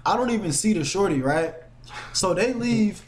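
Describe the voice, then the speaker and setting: Give me a young man with a high voice, animated and slangy, casually telling a story and acting out the people in it. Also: normal speed, slight background noise. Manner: animated, acts out quotes with shifting voices; slangy, curses often. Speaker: podcast host telling a story.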